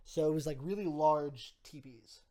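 A man's voice: a little high, normal speed, dark tone. A young man on a podcast, casually telling a story, acting out quotes and swearing freely. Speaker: podcast host.

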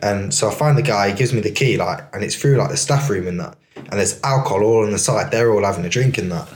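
A man's voice: on the low side, quick pace, a little hiss or hum. A young man telling a rambling story as a podcast guest, full of fillers. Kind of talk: casual podcast chat.

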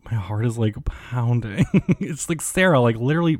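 A man's voice: mid-range voice, animated, normal speed, no room sound, clean studio sound. A man hosting a podcast alone, ranting in a profane, sarcastic and rambling way. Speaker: podcast host. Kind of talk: casual solo rant.

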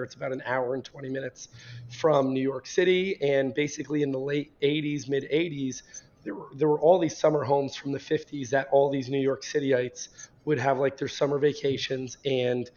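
A hoarse man in his thirties from northern New Jersey, a podcast guest chatting casually and rambling, restarting his words. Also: mid-range voice, a little mellow. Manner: rambling, repeats words when starting thoughts. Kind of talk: casual interview chat. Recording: dull lo-fi sound.

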